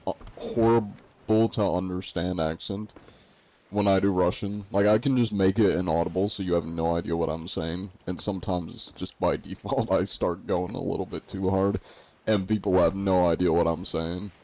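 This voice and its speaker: A man's voice: low-pitched, fairly even intonation, normal speed, mellow. A man streaming a game live from a room at home, chatting playfully and jokingly greeting his viewers by name. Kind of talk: casual live-stream chat.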